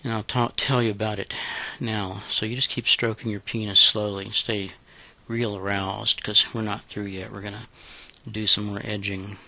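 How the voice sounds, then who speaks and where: A man giving intimate guided audio instruction in a breathy, halting, unhurried way, on a dull lo-fi recording. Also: lowish voice, little pitch movement, sharp tone.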